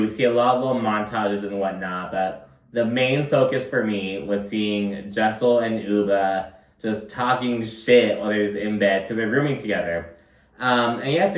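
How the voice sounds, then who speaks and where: Gossipy man recapping, roomy distant sound. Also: medium pitch. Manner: gossipy, profane, frequent "like" fillers. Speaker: reality TV recap commentator. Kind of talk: casual commentary recap.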